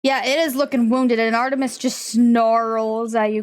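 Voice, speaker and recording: A woman running a tabletop game as game master, brisk and encouraging. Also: a little high, steady tone.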